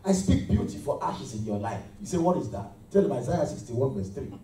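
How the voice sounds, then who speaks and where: A man's voice: mid-range voice, very animated, fairly quick, warm tone. A man preaching a sermon to a congregation, leading call-and-response and calling out praise between points. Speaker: pastor. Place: church hall with congregation. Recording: echoey hall, mic far off.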